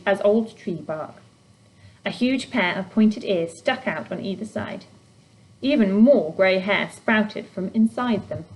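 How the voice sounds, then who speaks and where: A woman's voice: medium pitch, rough recording. Woman reading a storybook aloud. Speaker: reader.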